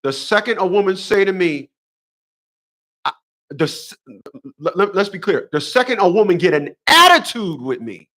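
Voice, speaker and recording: A man's voice: high voice, sing-song, moderate pace, long pauses, sharp tone. A man in his fifties hosting a casual livestream monologue, emphatic and preachy, often repeating his phrases. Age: 50s. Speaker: host.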